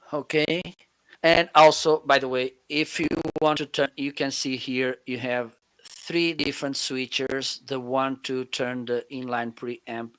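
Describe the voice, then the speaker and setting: Male co-host from Portugal, unhurried and crisp, chatty explainer who laughs often, home studio mic. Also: medium pitch, a bit bright. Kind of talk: live shopping stream chat. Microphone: studio microphone.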